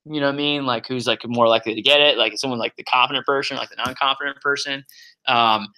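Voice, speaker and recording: A young man walks sales reps through a training deck in loose, casual talk. He speaks fast with a bright, forceful tone and loud energy, tossing in "like" and "um" constantly. His pitch sits in the middle for a man. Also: low-quality recording. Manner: energetic and loud, says so himself, many fillers. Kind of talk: casual coaching walkthrough.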